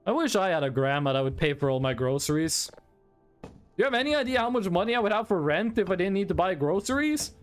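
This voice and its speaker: A man from Norway, chatting casually with his stream chat in a playful, rambling, teasing way. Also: high voice.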